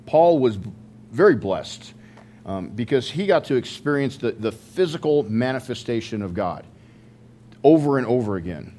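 Male pastor, sermon, chatty and joking, mid-pitched voice, faint background hum. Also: sing-song, moderate pace, warm tone. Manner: conversational, with joking asides and restarts.

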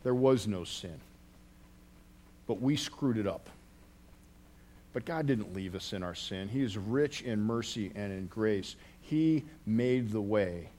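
Earnest low-voiced man preaching a sermon. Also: expressive, takes it slowly, long pauses, dark tone, slight background noise. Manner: earnest storytelling preacher with frequent restarts. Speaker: pastor.

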